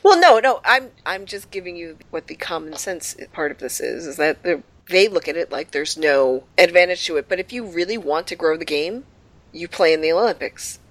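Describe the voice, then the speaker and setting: Lively, teasing woman podcast co-host. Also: lowish voice, normal speed, dry recording, poor audio. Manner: playful, teasing, laughs often. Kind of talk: casual chat.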